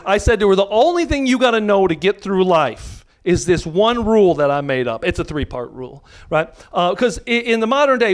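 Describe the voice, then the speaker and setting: Holding a handheld mic, a middle-aged American comedian brashly delivers crude punchlines at a comedy venue in front of a live crowd. His voice is high and expressive, at normal speed with few pauses, while loud audience laughter drowns out the set.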